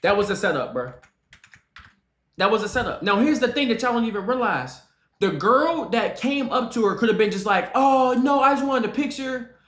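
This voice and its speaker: Brief: excitable male streamer, mocking and emphatic, roomy echo on the voice. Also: sits high, moderate pace. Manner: animated, emphatic, mocking, repeats himself. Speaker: streamer reacting to a video. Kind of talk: casual reaction commentary.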